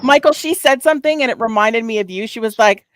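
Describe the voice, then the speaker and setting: A woman on a livestream panel, talking in a blunt, profane and excitable way. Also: on the high side, fast, poor audio. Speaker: panel guest. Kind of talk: casual livestream panel chat.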